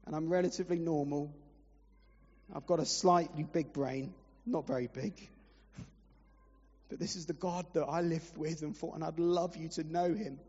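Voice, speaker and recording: A man's voice: on the high side, darkish tone, slightly rough. A man preaching a sermon as pastor, earnest and pleading, at times emotional. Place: church hall. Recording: reverberant church hall, muffled.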